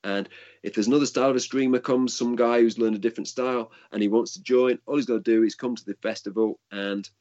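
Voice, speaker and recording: A man's voice: mid-range voice, fairly even intonation, fast, a little mellow, dull audio. An older man and martial arts instructor answering interview questions in a casual, rambling way with frequent restarts.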